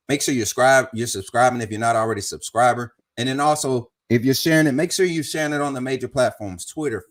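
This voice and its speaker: This is a man running a casual sports talk stream. He sounds energetic and chatty, keeps hyping his viewers, and speaks at an average pitch. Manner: energetic, chatty, hypes the audience. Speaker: show host.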